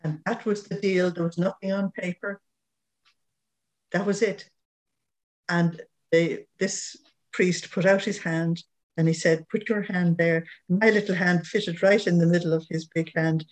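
A woman's voice: on the low side, fairly even intonation, a little slow, pauses often, darkish tone. Older Irish woman telling a story. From Ireland. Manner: anecdotal, chuckles often. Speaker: guest.

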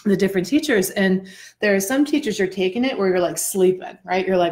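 A woman co-hosting a podcast, telling a story in a chatty, animated way and addressing listeners directly, a little out of breath. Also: mid-range voice, brisk. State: slightly out of breath. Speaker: podcast co-host. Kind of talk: casual storytelling chat.

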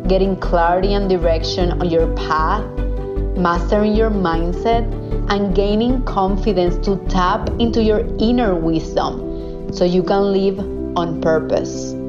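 A woman reading a podcast intro in a measured, polished way. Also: medium pitch. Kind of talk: scripted intro read. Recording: dull lo-fi voice under loud music.

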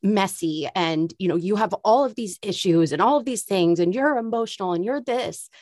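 A woman's voice: mid-range voice, normal speed, a little mellow, no echo, studio quality. A woman hosting a podcast interview, effusive and openly emotional, laughing often. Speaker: podcast host.

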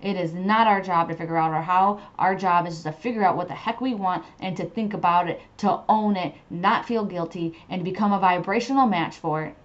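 A woman's voice: mid-range voice, dull audio. Chatty woman spiritual podcast host. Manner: chatty, frequent fillers like "you know". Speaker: podcast host and tarot reader. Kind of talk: casual spiritual advice and storytelling.

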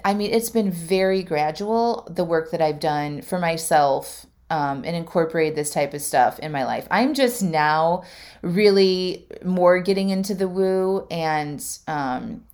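A woman with a slightly low voice talks casually and from the heart. She is a life coach speaking straight to her listeners. Her sentences run loose, full of filler words. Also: expressive, slow, a little mellow. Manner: chatty, heartfelt, many "like" fillers; addresses listeners directly. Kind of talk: casual storytelling monologue.

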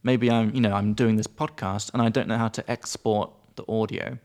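A man's voice: lowish voice, steady tone, normal speed, darkish tone. A man with a British accent co-hosting a casual podcast, explaining words with playful examples. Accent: British English. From Britain. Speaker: podcast co-host, English teacher.

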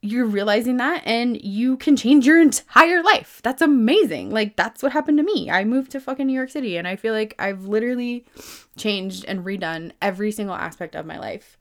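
A woman around thirty hosting a podcast, talking casually in a self-help monologue, full of "like" and free swearing, with emphatic jumps in pitch and loudness. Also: expressive, normal speed. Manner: chatty, lots of "like", swears freely, emphatic swings in pitch and loudness. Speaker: podcast host.

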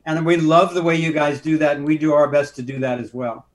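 A male guest filmmaker speaking earnestly and with measure in a conversational interview. His voice sits a little higher than most men's. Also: level tone, a little fast.

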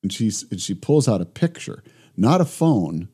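A middle-aged man, a guest in a remote interview, telling stories in a lively conversational way and acting out both sides of his conversations. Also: on the low side, moderate pace, breathy edge. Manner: animated storyteller who acts out both sides of conversations. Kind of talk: reflective conversational storytelling.

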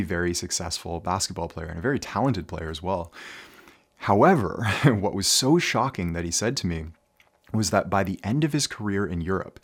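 A man talking earnestly to young basketball players, telling a story as a coach. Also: deep voice. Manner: earnest storytelling, with occasional light laughs. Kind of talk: motivational talk to camera.

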